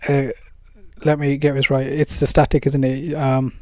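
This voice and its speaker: A man's voice: mid-range voice, level tone, moderate pace, no room sound, clean studio sound, lightly acted. A man voicing a flustered mother who stammers and over-agrees as she apologizes.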